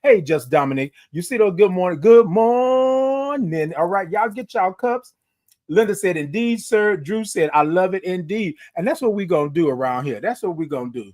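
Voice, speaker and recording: A man hosting a morning livestream from his phone, chatting with viewers, reading out their comments and stretching his good-mornings into long singsong calls. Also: high-pitched. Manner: animated, drawn-out singsong greetings, reads out viewer comments. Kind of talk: upbeat live-stream chat greeting viewers.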